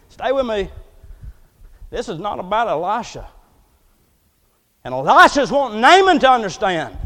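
A male pastor preaching a folksy, joking sermon that swells into loud, emphatic declarations, heard in a church. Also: extremely high pitch, big pitch swings, moderate pace, gravelly, pauses often. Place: church sanctuary. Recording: long reverb of a church hall.

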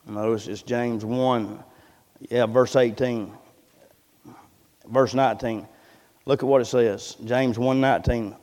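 This pastor's medium-pitched, darkish voice stays fairly even in intonation, and he speaks slowly with long pauses. Delivering a fervent, folksy sermon, he repeats words as he builds, within the long reverb of a large hall.

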